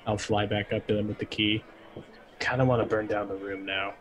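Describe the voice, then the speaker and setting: Male player, deep-ish, flat delivery, dry offhand remarks. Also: brisk. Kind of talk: casual tabletop play.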